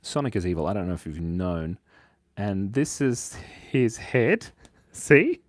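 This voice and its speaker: A man's voice: fairly low pitch, very animated, unhurried, no room sound. A man hosting a live drawing stream, chatting playfully and reading out viewers' comments as he draws. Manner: playful, silly, reads chat aloud. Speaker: drawing livestream host.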